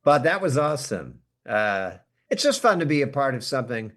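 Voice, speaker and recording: An American man chatting as a podcast guest, his pitch rising and falling a lot as he tells self-deprecating stories. He speaks at a middle pitch and a relaxed, conversational pace. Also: moderate pace. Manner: animated, self-deprecating storyteller who acts out quotes. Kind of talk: casual interview chat.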